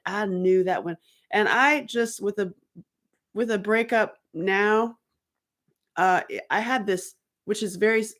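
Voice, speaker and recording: A woman's voice: lowish voice, fairly bright tone. A woman giving a casual, unscripted self-help talk as a workbook author, candid and emotional, rambling with many fillers and restarts.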